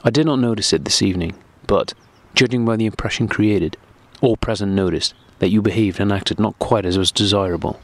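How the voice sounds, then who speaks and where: A man voicing a stiff, formal husband who speaks in cold, measured, deliberate sentences. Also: fairly low pitch.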